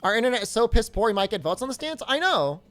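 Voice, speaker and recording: A man's voice: very high voice, very animated, fast talker, a bit bright. A man streaming a video game, chatting casually and jokingly as he reads viewers' questions aloud. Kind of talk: casual live-stream chat.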